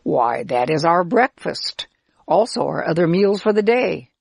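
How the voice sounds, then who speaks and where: A woman's voice: on the low side, very animated, measured pace, gravelly, darkish tone, husky, dry recording, clean studio sound, heavily acted. A woman voicing a friendly, helpful Israelite man who cheerfully explains camp life in a children's story. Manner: kindly, cheerful, explaining patiently.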